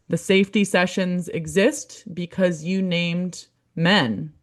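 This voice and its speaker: A young adult woman hosting a podcast, speaking earnestly and encouragingly, at times emotional. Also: on the low side. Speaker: podcast host, community manager. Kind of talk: heartfelt podcast monologue.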